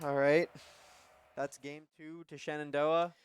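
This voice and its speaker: A man's voice: on the high side, level tone, unhurried, smooth. A young man co-casting a college esports match who calls plays and cheers his team on in a casual way. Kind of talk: play-by-play and color commentary.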